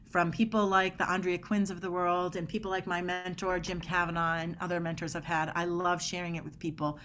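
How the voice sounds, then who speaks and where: A woman's voice: lowish voice, level tone, brisk, a bit bright, slight background noise. A middle-aged woman guest on a podcast interview, explaining body language in an emphatic way and acting out quoted dialogue.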